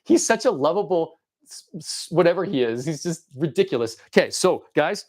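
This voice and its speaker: A man hosting a livestream, giving excitable, rambling commentary on toy battles and reading chat, with frequent restarts and cheers. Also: high-pitched, fairly quick. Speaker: livestream host.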